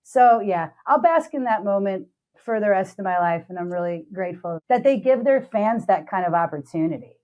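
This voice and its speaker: A woman from St. Louis, a singer-songwriter guest, chatting in a relaxed way and laughing easily. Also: mid-range voice, normal speed, muffled recording. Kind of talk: casual interview chat.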